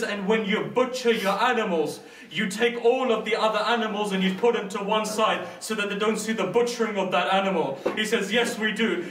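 A British man with a high, fairly bright voice delivers a majlis sermon in a mosque hall, dramatically narrating a story and voicing each figure in turn. The recording is echoey, with the mic placed at a distance.

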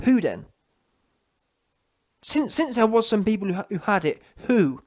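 A man's voice: sits high, big pitch swings, unhurried, long pauses, a little mellow. A young man ranting mockingly as a channel host, slipping into a whiny voice to mimic people. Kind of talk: ranting commentary.

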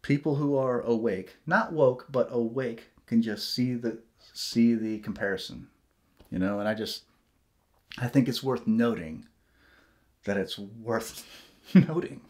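A man rants to camera in a solo vlog, his voice pitched in the middle of the male range. He gets heated, swears freely and drifts off on tangents. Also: moderate pace, darkish tone. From United States. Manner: heated, profane ranting with tangents and mocking quoted voices. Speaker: vlogger.

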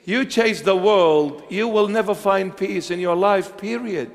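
A man preaching a sermon as a bishop, slow and emphatic, asking rhetorical questions and swinging between hushed lines and loud ones. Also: sits high, long reverb tail.

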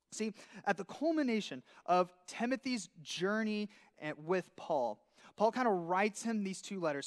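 A man preaching a sermon, telling a story with lively acted-out dialogue. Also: high-pitched, in a large hall. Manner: animated storytelling, acting out dialogue. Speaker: pastor. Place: church sanctuary.

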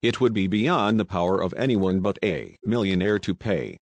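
A man voicing a cool, scornful scheming society woman, speaking calmly and lightly mocking. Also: deep voice, normal speed, no echo.

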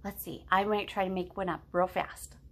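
Leading storytime, a middle-aged woman reads a picture book aloud and asks the children questions, gentle and encouraging. Her voice is fairly low and creaky, with fairly even intonation and a moderate pace.

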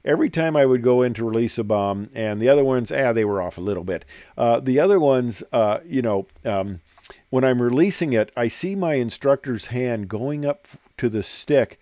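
Here a former military pilot, now older, narrates slides with meandering anecdotes padded with many fillers. His mid-range voice is mellow, with lively intonation and a normal speed, and there's no room sound.

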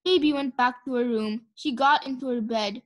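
A woman reading a children's storybook aloud in a clear, measured way. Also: sits high. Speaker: audiobook reader.

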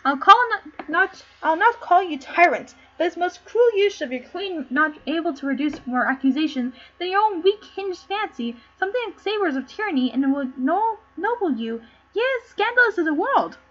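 A woman's voice: very high voice, very animated, moderate pace. A woman reading the part of a fierce, outspoken noblewoman in an amateur play read-through, defiant and scolding. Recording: slightly muffled with faint noise.

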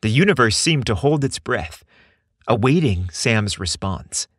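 A man reading a scripted story aloud with expressive, measured storytelling. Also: mid-range voice, husky, dry recording, clean studio sound. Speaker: narrator.

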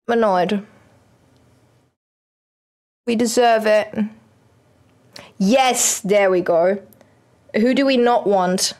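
A young woman, streaming a football manager game and chatting excitedly at it. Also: mid-range voice, takes it slowly, long pauses. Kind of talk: casual game commentary.

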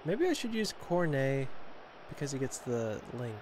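A young man giving casual, chatty commentary while playing a football video game, talking to himself with quick exclamations. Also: mid-range voice, big pitch swings, noisy background. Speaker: gaming channel host.

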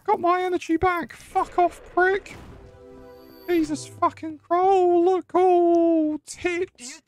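A man putting on a crude, cranky lady's voice in a high falsetto, swearing often. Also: little pitch movement, slow, soft background music. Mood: shrill, cranky. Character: shrill put-on lady, crude and cranky.

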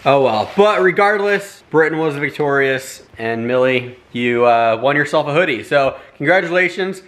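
A man's voice: on the high side, animated, normal speed, fairly bright tone. Playful man hosting a family vlog. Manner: playful, teasing, game-show announcing. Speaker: vlog host running a taste test. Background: background music.

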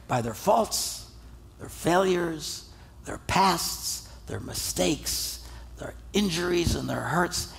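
High, gravelly-voiced preacher. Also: male voice. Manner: animated, humorous storytelling with acted-out voices. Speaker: pastor. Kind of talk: sermon.

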